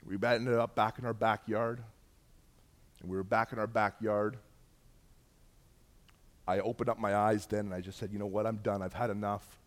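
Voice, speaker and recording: A middle-aged man from Canada, telling a personal testimony as a story and acting out the dialogue with jumps in pitch and loudness. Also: flat delivery, moderate pace, pauses often. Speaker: speaker sharing a personal testimony.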